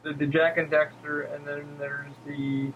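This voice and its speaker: On a laid-back gaming podcast, this co-host swears freely and animates his stories by squealing out quotes in high voices. He speaks at a measured pace over a muffled recording with a noisy background.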